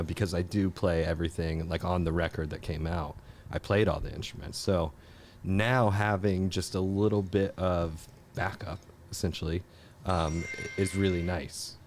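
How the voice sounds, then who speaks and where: Easygoing deep-voiced young man. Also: fairly even intonation, slight background noise. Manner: easygoing, halting with repeated starts. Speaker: musician guest. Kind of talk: casual podcast chat.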